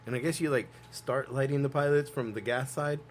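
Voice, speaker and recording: Podcast co-host, male, mid-pitched, loose and rambling, curses freely. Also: steady tone, brisk, a little hiss or hum. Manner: rambling, swears often, heavy use of "like". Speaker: podcast co-host, food truck owner. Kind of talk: casual podcast chat.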